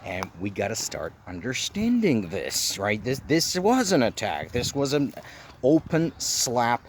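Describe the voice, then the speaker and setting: A man's voice: medium pitch, sing-song, a little slow, a little hiss or hum. A man hosting his own commentary show, talking casually in a rambling, blunt and exasperated way, with lots of fillers and restarts. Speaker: commentary channel host.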